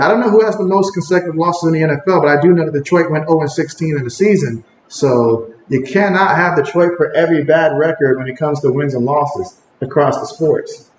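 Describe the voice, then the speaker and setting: Man calling a game in an echoey room. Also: fairly high pitch. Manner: reads viewer comments aloud, rises with excitement on plays. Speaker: livestream sports host. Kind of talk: casual play-by-play and chat reading. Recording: echoey room with faint ambient noise.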